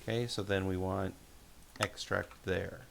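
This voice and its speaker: A man's voice: low voice, fairly even intonation, unhurried, creaky, faint music behind. A man livestreaming a game from a room at home, thinking aloud and muttering to himself and his pets. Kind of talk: casual game livestream commentary.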